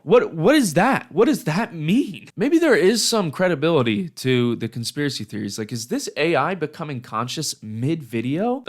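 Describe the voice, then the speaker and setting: Animated, sarcastic young man commentating. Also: medium pitch. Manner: sarcastic, animated, swears a lot. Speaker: YouTube commentator. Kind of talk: profane comedic reaction commentary.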